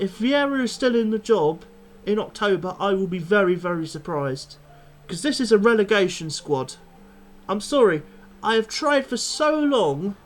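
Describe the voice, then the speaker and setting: A young man, a football fan vlogger, angrily ranting after a match and swearing bluntly. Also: high-pitched. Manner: angry, swears a lot, blunt. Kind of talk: post-match fan rant.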